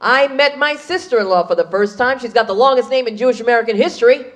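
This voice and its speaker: A woman's voice: a little high, fast talker. A woman doing a stand-up comedy set, telling punchy stories on a club stage and slipping into character voices.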